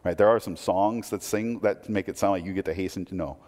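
A man preaching a sermon in a conversational way, asking rhetorical questions and swinging between loud emphasis and quiet asides. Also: low voice, a little fast, long reverb tail. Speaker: pastor.

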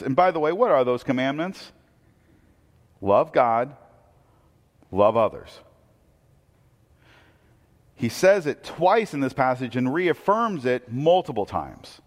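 A pastor preaches earnestly at a medium pitch, with big swings in pitch, a slow pace, and long pauses, and the sound carries the echo of a big room. He often repeats a word as he begins a thought.

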